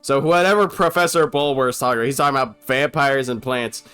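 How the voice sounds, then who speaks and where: Man, casual riff commentator, profane and jokey, average pitch, soft score music in the background. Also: fast talker, clean tone. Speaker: movie commentator.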